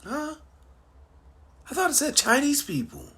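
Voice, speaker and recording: A man commenting to his online followers, animated and repetitive, with frequent restarts and rhetorical questions. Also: very high voice, measured pace. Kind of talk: casual monologue to social media followers.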